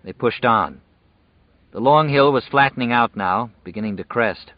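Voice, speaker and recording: A man reading a novel aloud in measured, even scripted narration. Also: mid-range voice, dry recording. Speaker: audiobook narrator. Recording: dull dry lo-fi audio.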